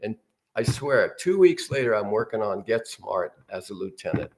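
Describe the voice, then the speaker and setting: A man's voice: on the low side, very animated, moderate pace. An older man, a guest actor, telling rambling anecdotes in a casual interview.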